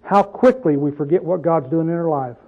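Brisk and narrow, this fairly high-pitched man's voice comes through tinny audio. He preaches an informal Bible lesson in a conversational manner, regularly asking the audience questions and sharing folksy tales.

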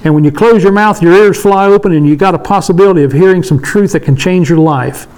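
High-voiced man in his sixties teaching scripture. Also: quick pace, a little mellow, poor audio. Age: 60s. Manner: emphatic, repeats points for stress. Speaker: Bible study leader. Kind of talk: casual Bible study discussion.

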